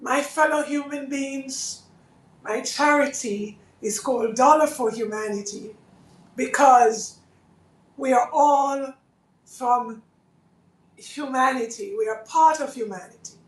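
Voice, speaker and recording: A woman's voice: on the high side, slow pace. A woman with a Jamaican accent hosting a live charity appeal over a phone, speaking in an earnest, pleading way that repeats itself. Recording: echoey room, voice a bit far off.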